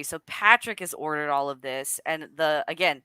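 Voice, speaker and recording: A woman walks her friends through a film's details in casual chat. Her voice sits lower than most women's and sounds bright. It rises and falls with lively emphasis. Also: moderate pace, smooth. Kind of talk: casual movie commentary chat.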